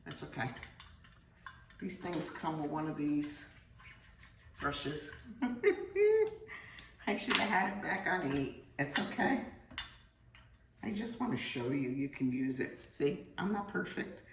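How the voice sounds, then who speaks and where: A woman's voice: low voice, animated, measured pace, pauses often. Middle-aged woman, cooking show host, chatty and self-mocking, roomy distant sound. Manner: chatty, jokey, talks straight to viewers as "guys". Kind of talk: casual cooking demonstration. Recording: roomy, distant from the mic, faint hum.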